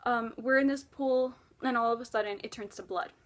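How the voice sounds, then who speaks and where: A woman tells a painful personal story straight to camera, earnest and emotional. Her voice sits a little higher than average. She swings between loud outbursts and hushed, almost whispered moments. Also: fairly even intonation, brisk, slight background noise. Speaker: vlogger. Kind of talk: confessional storytelling vlog.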